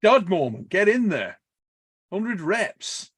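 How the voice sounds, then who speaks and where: A man with a notably high voice tells a long gym story in loose, profane podcast chat. He laughs through his own lines, and the sound is close and dry. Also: slow pace, slightly rough, no echo. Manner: animated, swears a lot, laughs while telling stories. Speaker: podcast host.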